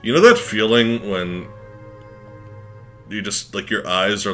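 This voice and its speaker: A man streaming a game live, chatting excitably and swearing when worked up. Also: fairly low pitch, takes it slowly, long pauses. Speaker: let's play streamer. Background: faint game music.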